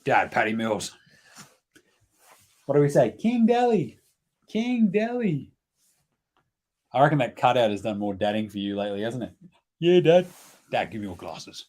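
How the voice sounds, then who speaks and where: A man's voice: lowish voice, animated, normal speed, pauses often, a little mellow. Australian male host, casual live stream banter, joking and chatty. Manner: joking, chatty, talks to his baby.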